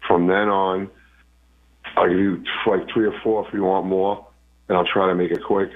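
A man's voice: sits low, flat delivery, normal speed. A man calling in to a radio talk show, telling his stories in a rambling way. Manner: rambling storyteller. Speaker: caller. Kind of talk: phone-in call. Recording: tinny phone line.

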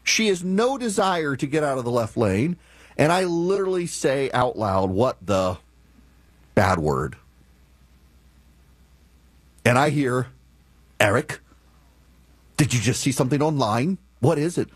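A man telling a driving story and ranting in an animated, opinionated monologue. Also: fairly high pitch, normal speed, no echo.

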